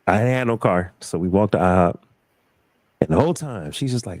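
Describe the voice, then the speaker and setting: A man hosting a casual talk show, telling a story in an animated way and acting out the quotes. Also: on the low side, fairly quick, no echo. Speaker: podcast host.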